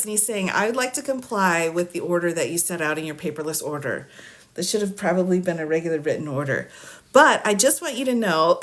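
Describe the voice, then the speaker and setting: A woman attorney talking casually on a livestream, walking through court filings, often laughing and sounding exasperated and amused. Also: mid-range voice. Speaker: attorney giving legal case updates.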